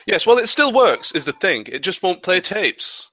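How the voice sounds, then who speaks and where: Bright, dry-sounding male podcast co-host. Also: high voice, normal speed, no echo. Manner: dry, matter-of-fact with deadpan jokes. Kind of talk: casual chat.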